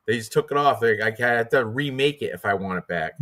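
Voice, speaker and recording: A man hosting a fight prediction show in casual chat, rambling and excitable, with lots of fillers and restarts. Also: medium pitch, a little fast.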